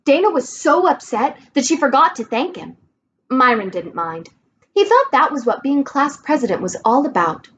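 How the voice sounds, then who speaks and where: A woman reading a children's storybook aloud, clear and expressive. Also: high-pitched, moderate pace, muffled recording, a little hiss or hum. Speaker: reader.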